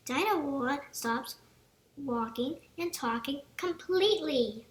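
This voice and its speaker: Woman storybook reader, high voice, gentle and measured, roomy echoey room. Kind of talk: reading a children's picture book aloud.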